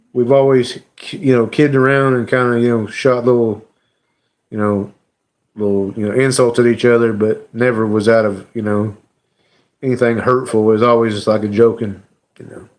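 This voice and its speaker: A man hosting a live stream, talking casually to his chat in a halting, emotional way with lots of fillers. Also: mid-range voice, steady tone, a little mellow.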